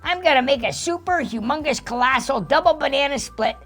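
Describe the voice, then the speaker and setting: Brief: woman as a high, excitable puppet monkey who squeals ee ee, faint music under. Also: fairly quick. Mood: excited. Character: excitable banana-loving monkey, grown-up, generous. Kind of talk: kids' puppet show.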